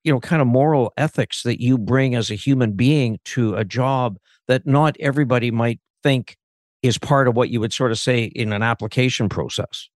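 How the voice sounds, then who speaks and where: Halting male host, dry sound. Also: medium pitch, darkish tone, no echo. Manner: halting, restarts often. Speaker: interview host. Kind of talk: interview questions.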